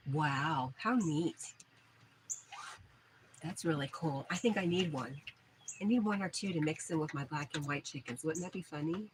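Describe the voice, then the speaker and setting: A woman's voice: low-pitched, lively intonation, unhurried. A woman hosting a casual outdoor livestream, reading viewer comments aloud in a chatty, friendly way. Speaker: livestream host. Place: back porch outdoors at evening. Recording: outdoor noise with birds. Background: birdsong and outdoor ambience.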